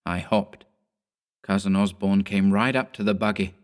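A man narrating a horror story in a measured storytelling manner. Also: deep voice, fairly even intonation. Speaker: audiobook narrator.

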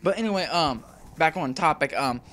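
A man's voice: a little high, animated, normal speed, a bit bright. A young man rambles through his gameplay commentary in a slightly raised voice. He talks in loose slang, swears now and then, and is still getting over a sore throat. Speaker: gaming YouTuber.

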